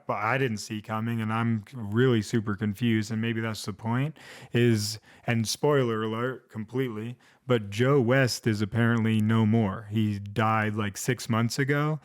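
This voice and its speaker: A man's voice: lowish voice, clean tone. A man hosting a one-take vlog, recapping a TV episode in a loose, rambling way, full of "like" and restarts. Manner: rambling, heavy use of "like", restarts. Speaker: vlog host.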